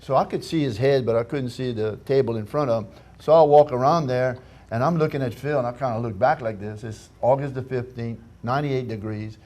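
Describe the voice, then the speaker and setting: Lively male guest telling a story. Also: mid-range voice, fairly quick, few pauses. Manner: lively storyteller, acts out quotes. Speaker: studio guest, former player. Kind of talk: storytelling anecdote.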